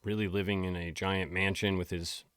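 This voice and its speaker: A man's voice: low-pitched, flat delivery, normal speed, a bit bright, clear, resonant tone, no room sound, studio quality. A man hosting a podcast, narrating in a casual storytelling tone. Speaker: podcast host.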